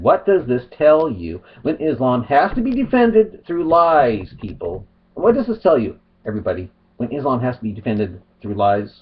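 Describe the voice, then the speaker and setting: A man's voice: medium pitch, lo-fi sound. A man ranting in a commentary vlog, repeating himself, restarting his sentences and firing rhetorical questions. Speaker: video blogger.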